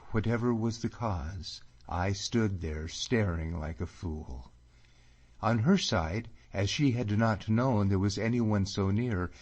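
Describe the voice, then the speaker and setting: A man narrating an audiobook in a measured, unhurried reading. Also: fairly low pitch, a little mellow, muffled recording.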